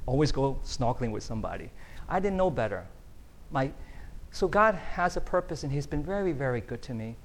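A man's voice: medium pitch, sing-song, a little fast. A middle-aged man, preaching a conversational sermon that keeps checking in with the audience. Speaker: pastor.

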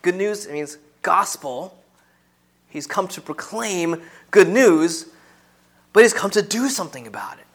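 Earnest higher-voiced male preacher. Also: lively intonation, measured pace, pauses often, fairly bright tone. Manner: earnest, repeats key phrases for emphasis. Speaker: preacher teaching a Bible study. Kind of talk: sermon.

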